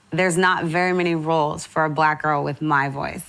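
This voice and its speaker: A young adult woman from St. Louis, a singer being interviewed, telling her story with lively enthusiasm. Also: sits low, a little slow, vocal fry. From St. Louis, USA. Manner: enthusiastic, animated storytelling with laughs. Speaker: singer, guest. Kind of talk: casual interview chat.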